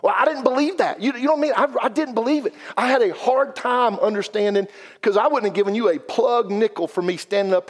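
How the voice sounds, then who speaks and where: A man, giving an earnest, folksy personal testimony as a guest speaker in a church. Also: high-pitched. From South Carolina. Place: church sanctuary. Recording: long hall reverb.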